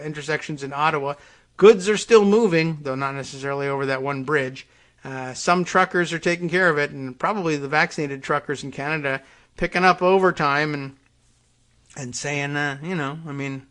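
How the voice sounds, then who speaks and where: A man's voice: on the high side, fairly bright tone. A male host delivering a rambling, sarcastic monologue on a talk show, with plenty of hesitations and asides.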